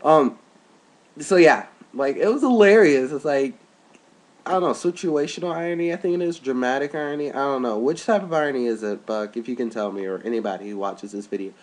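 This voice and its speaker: A young man in a rambling, filler-heavy casual webcam vlog, recorded at home, jumping his voice up high for quoted people. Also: brisk. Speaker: vlogger. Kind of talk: casual chat.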